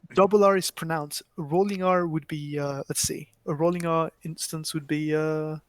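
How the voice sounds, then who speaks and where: A man's voice: a little high, fairly even intonation, normal speed, no echo. A man from France with a French accent, co-hosting a casual podcast chat and explaining eagerly, often restarting mid-sentence. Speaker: podcast co-host.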